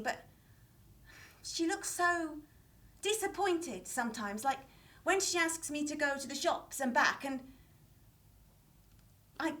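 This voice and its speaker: A woman's voice: high-pitched, a bit bright. A woman playing young Jack, an eager, restless boy who coaxes the audience to join in during interactive children's theatre.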